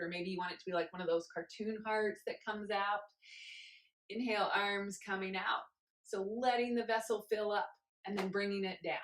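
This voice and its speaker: Female movement teacher, mid-range voice, gently cueing steps and chanting counts while she moves, recorded in a roomy, echoey space. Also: mid-range voice. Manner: talks while moving along with the exercise. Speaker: movement instructor. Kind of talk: guided movement class.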